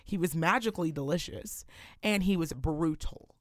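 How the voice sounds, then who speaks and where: A young adult woman co-hosting a podcast in casual chat, an animated storyteller who swears freely. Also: low voice, moderate pace, no echo, studio quality. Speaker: podcast co-host.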